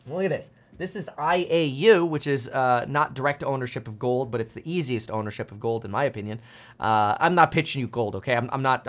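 A man hosting a casual finance livestream, talking animatedly to his chat and jumping between quick asides, sarcastic jokes and chuckles. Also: on the high side, a bit bright. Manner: frequent fillers and restarts, chuckling. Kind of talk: casual market commentary to a live chat.

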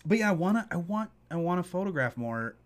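Lively laid-back man chatting. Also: high voice, quick pace. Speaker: podcast co-host, photographer. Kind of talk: casual chat.

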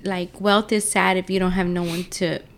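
A woman's voice: lowish voice, fairly even intonation, normal speed. Woman, podcast co-host, casual chat, playful teasing.

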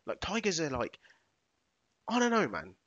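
A man's voice: fairly high pitch, wildly swooping pitch, moderate pace, fairly bright tone. A man chatting casually, hesitant and full of fillers. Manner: hesitant, many fillers like "like" and "I don't know". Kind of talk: casual chat. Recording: dull lo-fi sound.

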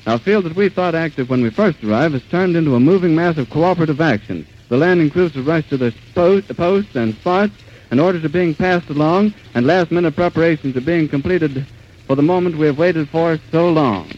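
A man giving live eyewitness radio commentary outdoors at an airfield, urgent and halting, with many restarts. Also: on the high side, darkish tone. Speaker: radio reporter. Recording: dull 1930s radio recording with faint hiss.

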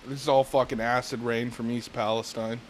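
A man's voice: mid-range voice, flat delivery, a little fast, a little hiss or hum. A man co-hosting a casual podcast, ranting with constant swearing. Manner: profane ranting, frequent swearing. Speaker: podcast co-host.

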